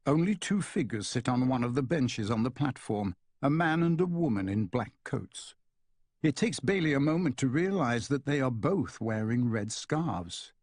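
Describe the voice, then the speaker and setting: An audiobook narrator with a mid-range voice reads a novel aloud in calm, measured scripted narration. The recording is dry, with clean studio sound.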